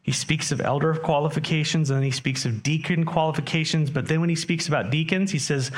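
A man's voice: on the high side, brisk. A man preaching a sermon as pastor, talking conversationally and putting questions to his congregation.

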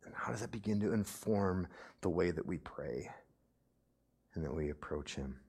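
A young adult male pastor preaching a sermon, swinging from emphatic outbursts to hushed, near-whispered passages, with conversational asides. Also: low voice, lively intonation, moderate pace, husky. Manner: conversational, with frequent "right?" asides.

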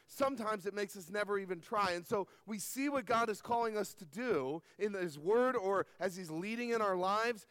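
A man's voice: high-pitched, fairly bright tone, no room sound, in a large hall. A man preaching a sermon to a live audience, telling a personal story earnestly and asking the listeners questions. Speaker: pastor. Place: camp meeting hall.

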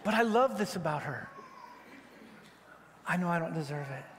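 High-voiced joking preacher in a reverberant hall. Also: male voice, normal speed, a little hiss or hum. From Wyoming, United States. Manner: animated, joking, acts out quoted voices. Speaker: pastor. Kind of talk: sermon.

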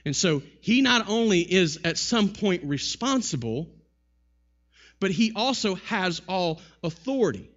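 A man's voice: sits high, sing-song, measured pace, a bit bright, highs cut off. A male pastor preaching a sermon emphatically, asking many rhetorical questions and often repeating words.

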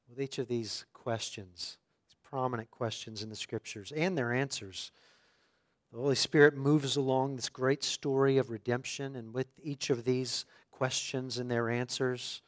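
A man's voice: medium pitch, dry recording. Preaching man with a dry, close sound. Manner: reads scripture then preaches, voicing biblical questions with rising intensity. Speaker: pastor. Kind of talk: sermon with scripture reading.

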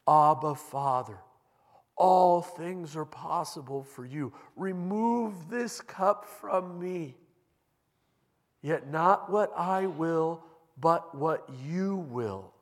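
A man's voice: medium pitch, takes it slowly, natural voice. A man voicing Jesus as a sorrowful, resolute grown teacher while reading scripture aloud earnestly. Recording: long reverb in a large hall.

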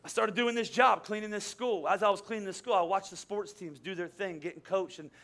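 High gravelly-voiced pastor preaching. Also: male voice, brisk, a bit bright. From Pennsylvania. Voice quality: nasal. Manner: storytelling, stumbles and repeats words. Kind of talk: sermon. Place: church service.

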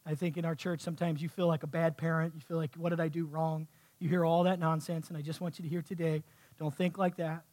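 A man preaching a sermon to his church, swinging from soft, heartfelt talk to fervent shouting. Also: fairly high pitch, flat delivery, fast. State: sweating. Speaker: pastor.

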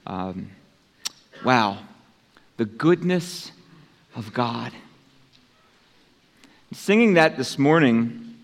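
Slow-speaking pastor in a reverberant church. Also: male voice, medium pitch. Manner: unhurried, conversational preaching with rising emphasis. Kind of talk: sermon. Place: church sanctuary. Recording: long church hall reverb.

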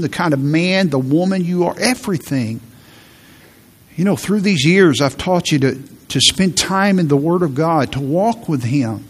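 A middle-aged man preaching a sermon as pastor, earnest, often repeating phrases and slowing down for emphasis. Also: fairly high pitch, slightly rough.

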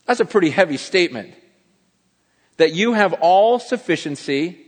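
A man preaching with a fairly high voice, earnest and urgent, stumbling over repeated words as he drives his point home. His voice rings with the long reverb of a large hall. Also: animated, moderate pace. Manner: earnest, repeats words and restarts, swings between soft and emphatic. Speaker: pastor. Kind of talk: sermon.

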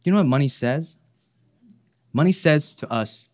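A man preaching a sermon as pastor, earnest, posing rhetorical questions and dropping his voice low to land key points. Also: expressive, moderate pace, pauses often.

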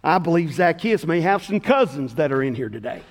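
A middle-aged man preaching as pastor to a congregation in a church, swinging between loud calls and hushed words. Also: on the high side, expressive, brisk. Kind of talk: sermon. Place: church sanctuary. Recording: long hall reverb.

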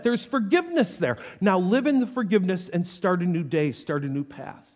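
A high-voiced male pastor whose pitch swings widely as he preaches. His words ring out with a long reverb through a large church sanctuary. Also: animated, moderate pace, a little mellow. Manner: reads scripture aloud with dramatic intensity. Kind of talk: sermon.

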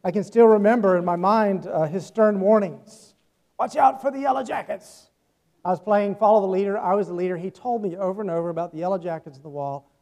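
A middle-aged male pastor preaching a sermon, earnest, moving between emphatic points and hushed asides. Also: sits high.

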